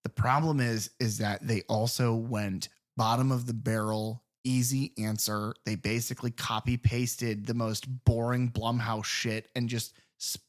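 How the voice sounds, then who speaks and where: A man's voice: medium pitch, little pitch movement, measured pace, few pauses. A man in his thirties co-hosting a podcast, talking casually and animatedly about a film, swearing and laughing often. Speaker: podcast co-host.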